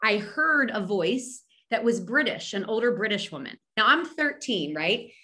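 A woman's voice: mid-range voice, animated, moderate pace, bright, forceful tone. A middle-aged woman from Philadelphia, a medium being interviewed, talking chattily with frequent restarts and fillers. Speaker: medium, podcast guest. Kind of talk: casual interview conversation.

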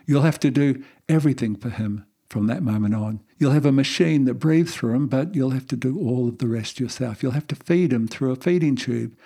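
Man doing a grave, measured doctor. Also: medium pitch, mellow, slightly rough. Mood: solemn. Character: somber solemn male doctor.

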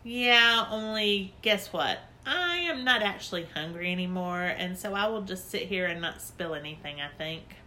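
A woman's voice: medium pitch, animated, normal speed, hardly any pauses, bright, forceful tone. A woman voicing an eager, chatty little girl in a storybook reading. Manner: eager, plain-spoken.

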